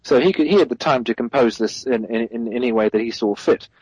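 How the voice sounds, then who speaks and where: A man's voice: medium pitch, fairly quick, a little mellow, dull audio, a little hiss or hum. A man as a guest theologian, giving a thoughtful explanatory answer in an interview, correcting himself as he goes and stressing key points.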